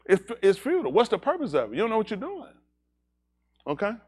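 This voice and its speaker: A man's voice: sits high, huge pitch swings, quick pace, darkish tone, slightly rough. A man leading a congregation in an emphatic teaching sermon, firing rhetorical questions at the room. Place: synagogue service.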